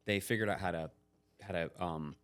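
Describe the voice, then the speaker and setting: A man's voice: normal speed, clean tone. A man in his forties, a podcast guest, telling a story in casual chat, acting out quoted lines with bursts of energy. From United States. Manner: animated, acts out quotes with rising pitch.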